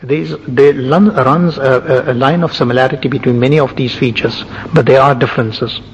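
A man's voice: mid-range voice, steady tone, slight background noise. A man giving a sermon as a religious teacher, lecturing point by point with frequent asides. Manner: measured lecturing with lists and asides. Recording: lo-fi with long hall reverb.

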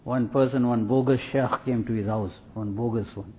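A man giving a sermon as a preacher, in a measured, repetitive teaching cadence with religious terms. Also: medium pitch, steady tone. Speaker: Islamic preacher. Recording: tinny phone-like sound.

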